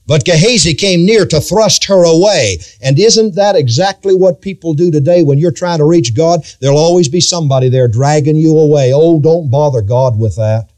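A man's voice: moderate pace, few pauses, a little mellow. A man preaching a sermon, dramatic and emphatic, retelling scripture in old-fashioned biblical wording. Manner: dramatic, emphatic, sweeping pitch swings.

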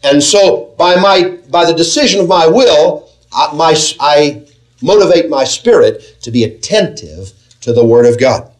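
High-voiced man preaching a sermon. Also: animated, low-quality recording. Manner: earnest, measured preaching with rhetorical questions to the congregation. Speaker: pastor.

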